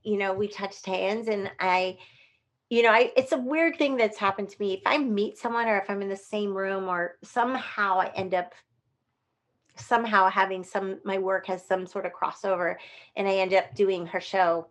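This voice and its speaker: A woman tells a story as a guest in an easygoing conversation. She is lively and theatrical, jumping into the voices of the people she quotes. Her pitch sits in a middle range for a woman. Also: normal speed. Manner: animated, acts out quoted voices. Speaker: guest performer.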